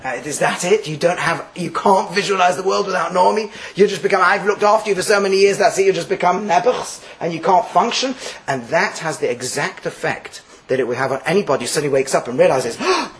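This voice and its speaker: A man with a high voice teaches a Torah class, lively and full of restarts. He acts out the people in the verses he teaches. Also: a little fast, poor audio. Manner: lively, acts out quotes, Hebrew terms mixed in, restarts.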